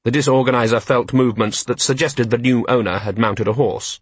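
A man narrating an audiobook in an expressive, wry storytelling manner. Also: mid-range voice, a little fast, hardly any pauses, slightly rough, no echo.

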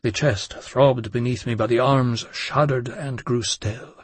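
Husky man narrating a dark tale. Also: mid-range voice, fairly even intonation, no room sound. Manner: measured, intense first-person storytelling. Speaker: audiobook narrator. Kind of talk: dramatic audiobook narration.

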